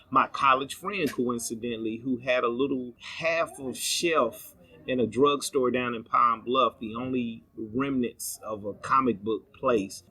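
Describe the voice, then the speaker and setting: A middle-aged man with a husky but bright, forward voice tells his story as a guest on a live convention podcast. He talks in a lively, storytelling way. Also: mid-range voice. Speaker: guest, comic artist. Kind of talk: casual interview. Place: convention floor, recorded live.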